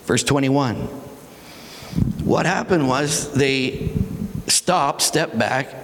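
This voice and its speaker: A man preaching a sermon, animated and dramatic, acting out quotes and shouting at times. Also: mid-range voice, very slow, in a large hall, a little hiss or hum. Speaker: pastor.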